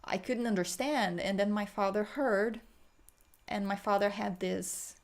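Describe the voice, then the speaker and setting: Soft, sighing woman with a gravelly edge. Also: medium pitch. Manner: slow, soft, sighing, breaks into chanted light language. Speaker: spiritual healer. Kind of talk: guided healing meditation.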